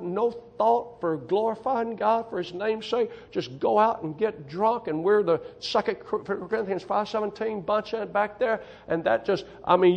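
High-pitched with vocal fry, a man's voice comes through with the highs cut off. As a missionary giving a testimony sermon in church, he speaks in a folksy, emphatic way, often repeating himself, especially the phrase "I'm telling you."

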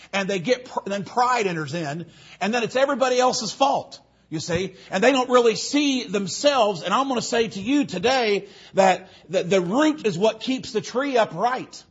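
A man's voice: high-pitched, slightly rough, highs cut off. A man preaching a sermon, rambling into stories and repeating his phrases for emphasis.

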